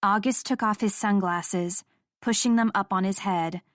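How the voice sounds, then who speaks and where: A woman narrating a first-person romance audiobook in a measured, emotional reading. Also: medium pitch, fairly even intonation, dry recording, clean studio sound.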